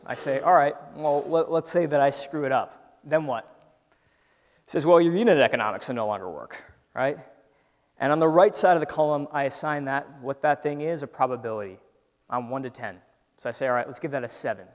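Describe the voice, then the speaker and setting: A man gives a lively talk to an audience, acting out the doubting voice in his head as he goes. His voice sits at a middle pitch. The sound carries the long reverb of a large hall. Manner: animated storyteller, acts out his inner voice, frequent "right?". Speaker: entrepreneur giving a talk. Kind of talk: conversational keynote talk.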